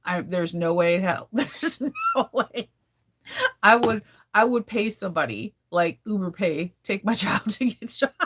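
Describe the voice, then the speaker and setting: A woman in her thirties talks straight to her viewers in a relaxed daily vlog. She rambles from one thought to the next and laughs often between sentences. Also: fairly low pitch, normal speed, hardly any pauses. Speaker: sewing vlogger. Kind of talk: casual daily vlog chat.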